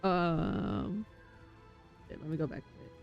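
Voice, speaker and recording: A tabletop game player chatting casually, excitable and quick to laugh. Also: medium pitch, creaky, muffled recording, faint music behind.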